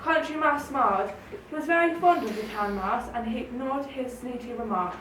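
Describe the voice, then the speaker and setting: High-voiced woman reading a children's story. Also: normal speed, fairly bright tone, slight background noise. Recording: roomy, distant mic, faint ambience.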